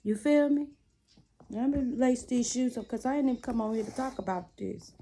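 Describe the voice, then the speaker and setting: Sassy woman preaching advice, mellow tone. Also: fairly high pitch, moderate pace, a little hiss or hum. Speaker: vlogger. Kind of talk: casual chat to camera while lacing shoes. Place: small cluttered room at home.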